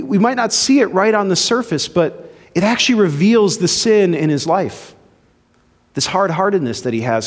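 A male preacher with a high, very lively voice delivers a sermon, rising to loud emphasis and then dropping to hushed lows. He acts out the people he quotes, and his voice carries a long hall reverb. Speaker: pastor.

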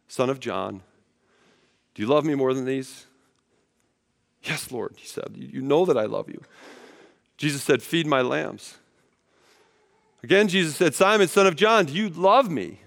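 A man preaching a sermon in a conversational, animated way, acting out the quotes as he retells a story. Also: medium pitch, gravelly. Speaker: pastor. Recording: hall reverb.

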